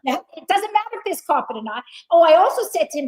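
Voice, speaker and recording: A woman's voice: extremely high pitch, fast talker, low-quality recording. A woman telling a story in a casual chat, acting out the other people's lines and swearing freely. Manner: animated storyteller, acts out dialogue, swears. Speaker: guest.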